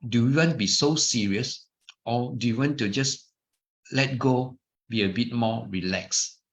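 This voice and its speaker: A man's voice: medium pitch, a little slow, fairly bright tone. A middle-aged man with a Malaysian English accent, giving an informal dharma talk full of anecdotes, chatty with restarts and asides. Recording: muffled lo-fi recording.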